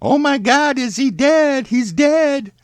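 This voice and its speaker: A woman's voice: high voice, animated, takes it slowly, dry recording, voice pushed up. A man voicing a panicked female car passenger who screams shrilly.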